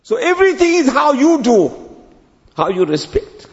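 A man giving a sermon as an imam, telling stories and dropping to low quiet tones at phrase ends. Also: very animated, normal speed, big-room sound, highs cut off.

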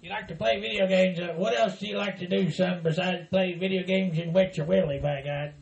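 A man hosts a casual podcast in a rambling, teasing hillbilly persona. His voice sits high for a man and has a gravelly edge. The recording is roomy and echoey, with faint music underneath. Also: steady tone, fairly quick, slight background noise. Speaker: podcast host.

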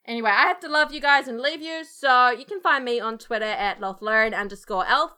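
A woman's voice: fairly high pitch, fairly quick, sharp tone, clear, resonant tone. A woman co-hosting a podcast, reading fanfiction aloud with dramatic delivery and chatting casually. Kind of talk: casual chat.

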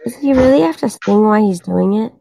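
A tired, hoarse woman hosting a casual livestream and chatting with her viewers. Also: mid-range voice, expressive, fast talker, mellow, no room sound, clean studio sound. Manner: chatty, addresses viewers in chat. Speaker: livestream host.

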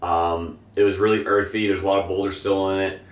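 Young guy with a really low voice talking loose and rambly, lots of ums, sounds a bit far from the mic in an echoey room. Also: a little fast. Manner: relaxed, rambling with many fillers. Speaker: hemp grower, guest. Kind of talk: casual interview chat.

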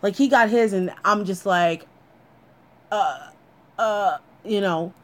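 A woman's voice: mid-range voice, slow pace. A woman telling a personal story in a blunt, candid way, swearing freely as she talks.

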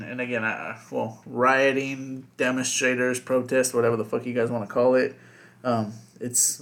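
A man's voice: mid-range voice, a bit bright. A man co-hosting a casual podcast chat, rambling with lots of fillers and constant swearing. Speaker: podcast co-host.

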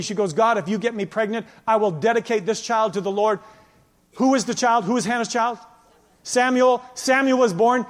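Pastor guy preaching, pretty high voice, big hall echo, swings loud to hushed. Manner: emphatic preaching, drops to quiet intense passages. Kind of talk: sermon. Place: church sanctuary. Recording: long church hall reverb.

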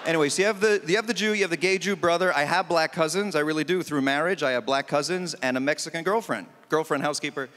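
A man doing a stand-up comedy set on a festival stage, animated and punchy with mock exasperation. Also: a little high, fast, hardly any pauses, long reverb tail.

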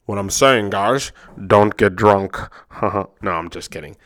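With a lowish, fairly bright voice and a slightly slow pace, this male podcast host tells loose personal stories. The talk is casual and rambling, heavy on swearing and filler words.

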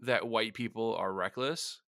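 A man's voice: lowish voice, unhurried, a bit bright, no echo, studio quality. A man hosting a podcast, chatting crudely and laughing, often acting out voices of other people. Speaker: podcast host. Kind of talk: casual comedic chat.

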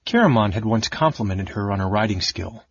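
A man reading an audiobook in a measured, dramatic narration. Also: on the low side, expressive, highs cut off, a little hiss or hum.

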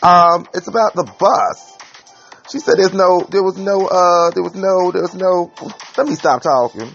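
A man's voice: high voice, a little slow, gravelly, faint music behind. A man hosting a community talk show, sassy and theatrical, calling listeners honey and child. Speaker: community radio host. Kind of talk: flamboyant comic commentary. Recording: dull lo-fi recording with loud hiss.

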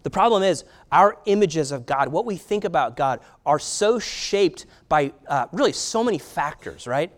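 Man, pastor, high voice, casual sermon, ums and "right?" asides. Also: animated, moderate pace, few pauses. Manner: conversational preaching with filler ums and rhetorical "right?".

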